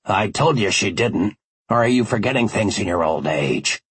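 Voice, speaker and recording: A suspicious police detective who scolds with dry sarcasm, as voiced by a male narrator. The voice is low and husky, and the pitch moves a lot. It is recorded close and dry. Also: lively intonation, normal speed, a bit bright, dry recording. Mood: annoyed. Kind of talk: audiobook character voice.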